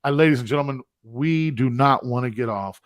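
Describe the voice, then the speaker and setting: Excitable male live-stream host, effusive, dry close sound. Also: medium pitch, a little fast, no echo. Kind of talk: live stream shout-outs.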